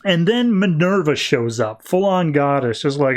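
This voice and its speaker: A man with a fairly high voice hosts a casual podcast recap. He rambles in slangy, loose sentences and slips into quick voices for the characters. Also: expressive. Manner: rambling, slangy, acts out quotes. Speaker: podcast host. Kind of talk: casual comic book recap.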